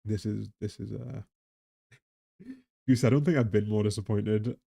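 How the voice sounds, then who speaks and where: A man's voice: on the low side, steady tone, normal speed, vocal fry, warm tone, slightly rough. A tired man with a weak Geordie accent, chatting casually on a live stream, rambling and laughing about the economy. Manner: laughing, rambling, talks to chat and a pet.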